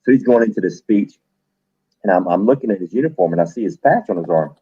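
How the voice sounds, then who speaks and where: A middle-aged man with a very deep, husky voice tells a blunt, salty story to friends. He is a retired soldier and bar owner, talking loosely and bluntly. The sound is tinny and dry, like a phone line in a close space. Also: fast talker, no room sound. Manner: blunt, profane, animated anecdote teller. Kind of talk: casual storytelling among friends.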